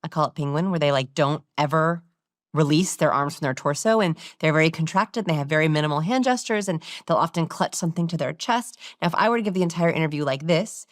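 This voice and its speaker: Woman explaining body language stuff, lowish voice, dry close sound. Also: fast talker, dry recording. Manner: animated, demonstrates voices while explaining. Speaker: body language expert guest. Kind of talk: explanatory interview talk.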